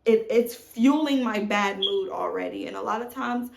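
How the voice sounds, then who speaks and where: A woman's voice: medium pitch, moderate pace, gravelly. A woman in her thirties, a mom vlogger, talking candidly and emotionally to camera from home, calling her viewers y'all. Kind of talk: candid confessional chat to camera. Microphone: phone on tripod. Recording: echoey room.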